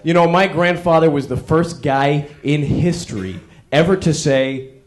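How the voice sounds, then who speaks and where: A man doing a stand-up routine, telling stories in an animated, exasperated way. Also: a little high, a little slow. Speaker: stand-up comedian.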